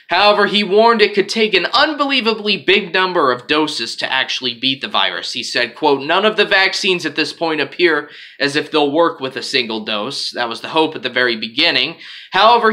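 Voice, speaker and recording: A man with a slightly high, bright voice reads headlines with rising emphasis. Between them he drops into lower, quieter asides full of fillers and restarts, giving his own take. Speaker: news commentary host. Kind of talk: reading news articles with personal commentary.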